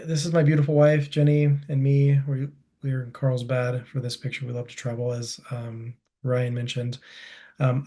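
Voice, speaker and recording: Male webinar presenter, warm mellow tone, easygoing and chatty. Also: mid-range voice. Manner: relaxed, conversational, frequent fillers.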